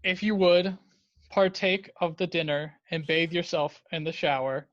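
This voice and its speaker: A man voicing a blindfolded female cult acolyte made of candy, asking slow, solemn questions in a tabletop game. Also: a little high, steady tone, dry recording, natural voice. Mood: solemn, inviting. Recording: dull lo-fi dry sound.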